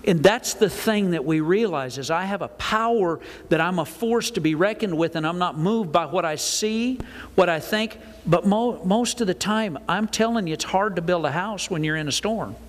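An older man preaching a folksy, animated sermon to his congregation. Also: sits high, moderate pace. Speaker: pastor. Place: church sanctuary. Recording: reverberant church hall.

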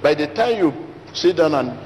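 In a big church hall filled with long reverb and faint background noise, a man preaches as a pastor, repeating himself emphatically and rising to a high pitch. He's animated, speaks at a normal speed and has a darkish tone.

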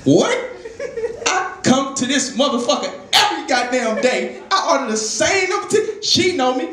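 A man voicing an indignant fast-food regular who rants and swears about his missing order, in a roomy club. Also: extremely high pitch, very animated, sharp tone, voice pushed up, exaggerated voice. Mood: outraged rant. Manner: ranting, swearing, outraged. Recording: roomy club with faint ambience.

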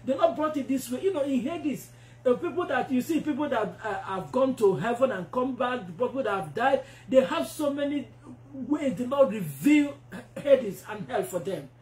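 A woman preacher telling a testimony in a sermon, animated and acting out the voices she quotes. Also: high-pitched, moderate pace. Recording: roomy echo.

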